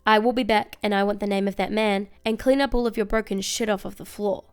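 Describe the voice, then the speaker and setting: A woman's voice: medium pitch, fairly even intonation, fast, clean tone, close to an everyday voice. A woman voicing a cruel, haughty sorceress in a sneering, cold way.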